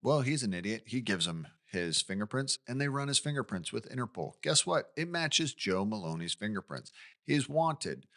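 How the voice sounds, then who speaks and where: A man's voice: mid-range voice, sing-song, normal speed, a bit bright. A man co-hosting a podcast, recounting a true-crime case in casual chat with asides and questions. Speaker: podcast co-host.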